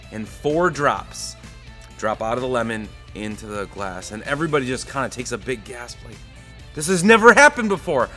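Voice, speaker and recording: A pastor delivers a relaxed, conversational sermon and leans into storytelling and jokes. His voice is bright and forward, at a middle pitch for a man. Soft music sits faintly underneath.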